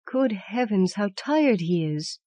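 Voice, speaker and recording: A woman's voice: medium pitch, animated, slow, mellow, no room sound, studio quality. A woman reading the lines of an anxious young wife in an audiobook, urgent and coaxing.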